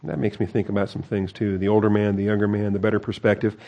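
Mellow-voiced man reading and commenting on scripture. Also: on the low side, flat delivery, quick pace, muffled recording. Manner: reads scripture aloud then comments, wry asides and self-corrections. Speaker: Bible teacher. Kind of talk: conversational Bible reading and commentary.

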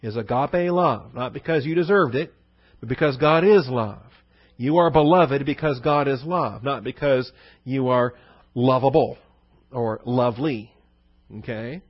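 A man's voice: medium pitch, a little slow, no echo, dull audio. A male pastor giving a conversational verse-by-verse sermon, asking his listeners questions and answering them himself, with many fillers.

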